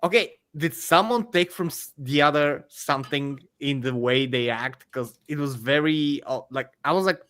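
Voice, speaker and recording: A man co-hosting a casual review podcast, talking in halting bursts with restarts and lots of "like". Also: a little high, fairly bright tone, dry recording. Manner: halting, restarts words, heavy use of "like". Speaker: podcast co-host.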